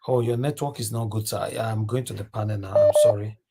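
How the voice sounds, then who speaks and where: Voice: medium pitch, fairly quick. A talk show host takes calls one after another. The delivery is courteous and polite, with many thank-yous and invitations to speak. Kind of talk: call-in show hosting.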